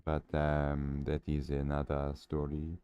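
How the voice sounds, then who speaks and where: A man putting on a vague mock foreign accent, halting and searching for words. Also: very deep voice, monotone, dark tone, clean tone, no echo, muffled recording, pitched below the performer's own voice. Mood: deadpan.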